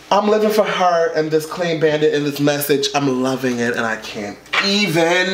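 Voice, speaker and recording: A man's voice: fairly high pitch, very animated, moderate pace, few pauses, a bit bright. Sassy man with a wildly swooping voice. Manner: flamboyant, sassy and profane, with gasps and squeals. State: emotional, near tears. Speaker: YouTuber reacting to a music video. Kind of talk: casual reaction commentary. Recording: echoey room with music playing behind.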